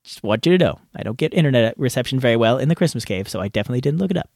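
Racing through a casual outtakes chat, a podcast host jokes around and mocks himself from his hot home garage. His medium-pitched voice is expressive with a darkish tone, and the recording is dry with clean studio sound.

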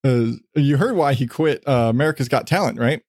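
A man talking casually as a podcast guest, explaining his points at length with relaxed fillers. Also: medium pitch, fairly quick, no echo, studio quality.

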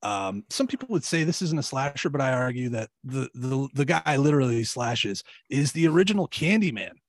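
A man co-hosting a podcast in casual chat, speaking bluntly and with emphasis. His voice is of middle pitch. The recording is dry and close. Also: lively intonation, brisk, dry recording. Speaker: podcast co-host.

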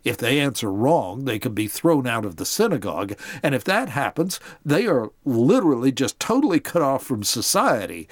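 A man's voice: mid-range voice, big pitch swings, normal speed, few pauses, dry recording. A man hosting a podcast, narrating a Bible story and explaining it to his listeners. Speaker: podcast host.

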